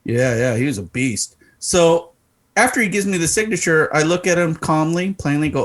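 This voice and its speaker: A man's voice: fairly high pitch, moderate pace. A middle-aged man from Arizona, co-hosting a podcast, telling a story in casual chat and acting out the voices in it. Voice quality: animated, acts out voices in his stories. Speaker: podcast co-host.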